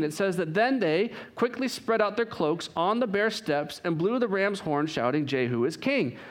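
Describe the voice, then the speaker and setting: High-voiced preacher man, dramatic swings. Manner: dynamic preaching, swings from loud emphasis to hushed drawn-out phrases. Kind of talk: sermon.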